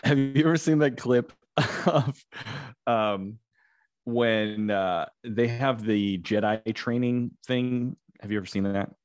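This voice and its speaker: A man co-hosting a podcast in casual chat, an animated storyteller who laughs as he tells. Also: mid-range voice, slow, dry recording, clean studio sound. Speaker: podcast co-host.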